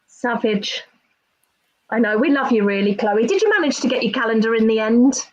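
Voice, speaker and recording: A woman's voice: on the high side, moderate pace, low-quality recording. A woman hosting a casual chat, teasing the others and laughing often. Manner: giggly, teasing. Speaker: host.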